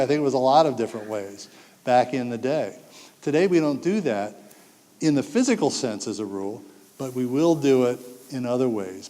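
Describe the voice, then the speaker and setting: A man in his sixties speaking to an audience of parents, telling stories with acted-out quotes and jokes. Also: mid-range voice. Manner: animated storytelling, acts out quotes, jokes with the audience. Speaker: speaker giving a talk to parents. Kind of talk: public talk to an audience. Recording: long hall reverb.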